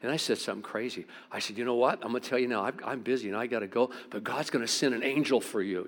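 A middle-aged pastor, preaching a sermon through stories, swinging between loud outbursts and quiet, intense moments. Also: male voice, medium pitch, quick pace, hardly any pauses. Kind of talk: sermon with storytelling.

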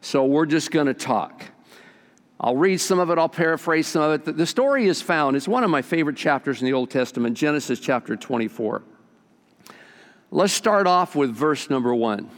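An older man preaching a sermon as pastor, folksy and animated as he tells stories to his congregation. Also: fairly high pitch, moderate pace, long reverb tail.

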